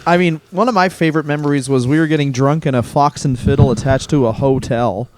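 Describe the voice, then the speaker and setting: A man's voice: fairly high pitch, quick pace, darkish tone, no echo. A male comedian co-hosting a podcast, rambling in casual chat with lots of "like" and plenty of swearing. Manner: rambling, heavy use of "like", swears freely.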